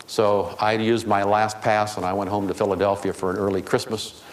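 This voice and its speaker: A man delivers a keynote speech built on humorous personal stories. His voice sits on the low side. It carries a long reverb from a large hall, with faint noise underneath. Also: little pitch movement, moderate pace. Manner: humorous, anecdotal. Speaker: keynote speaker. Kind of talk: storytelling speech.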